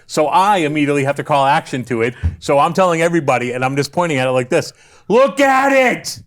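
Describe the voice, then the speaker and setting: On a laid-back podcast, a guest who used to wrestle races through meandering stories, cracking crude jokes and frequently starting his sentences over. His voice is a little high.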